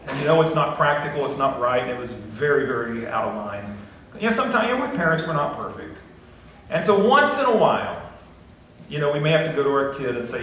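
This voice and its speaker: Folksy preacher in an echoey church. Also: male voice, mid-range voice, very animated, brisk, a bit bright, slight background noise. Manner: folksy, conversational preaching with self-deprecating asides. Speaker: pastor. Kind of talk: sermon. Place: church sanctuary. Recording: echoey church recording from a distance.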